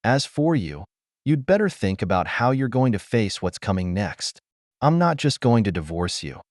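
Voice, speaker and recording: A man reading as a betrayed husband in an audio story, calm and cold with a sarcastic edge. His voice is low with a lively pitch, and the sound is dry. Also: normal speed, no room sound.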